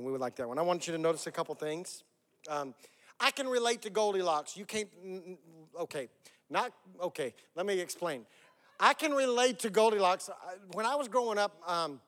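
A man's voice: high voice, fairly bright tone, long reverb tail. A male pastor giving a sermon in a conversational, joking, self-deprecating way.

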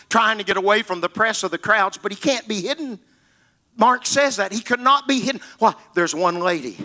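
A man's voice: high voice, bright, forceful tone. A man preaching a sermon, retelling scripture stories dramatically and repeating key words for emphasis.

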